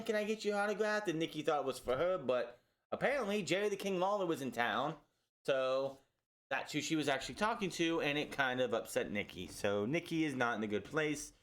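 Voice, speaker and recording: A man's voice: mid-range voice, a bit bright. A man reviewing a wrestling show in a casual, exasperated, sarcastic rant full of restarts.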